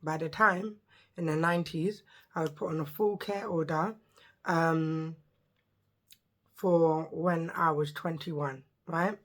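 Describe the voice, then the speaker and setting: A woman in her thirties, a social worker, introducing her vlog channel in an excitable, chatty, joking way, with a voice she says sometimes gives out. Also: low-pitched, slow, long pauses.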